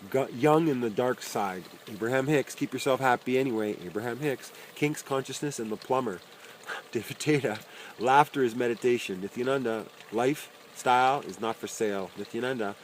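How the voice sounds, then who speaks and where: A man's voice: medium pitch, normal speed, a little hiss or hum, low-quality recording. A man reading aloud a long list of self-help titles and their authors, with dry, wry asides and his voice dropping on each name.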